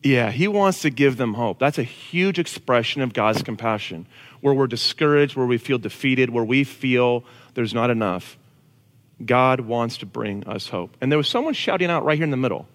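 A man preaching a casual, animated sermon to a congregation. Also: mid-range voice, moderate pace. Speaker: pastor. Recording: long reverb of a large hall.

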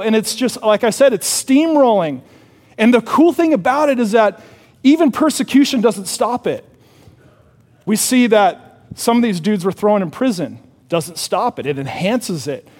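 A man with a high-pitched voice preaches a lively, casual sermon, mixing slang with scripture. His voice rings out with a long reverb, as if in a large church sanctuary. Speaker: pastor.

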